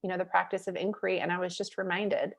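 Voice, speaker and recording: A woman's voice: lowish voice, quick pace, gravelly. Chatty woman telling her story. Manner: animated, chatty, peppered with "like" and "you know"; laughs easily while telling stories. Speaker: guest, mindset coach and facilitator. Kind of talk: candid personal storytelling in a podcast interview.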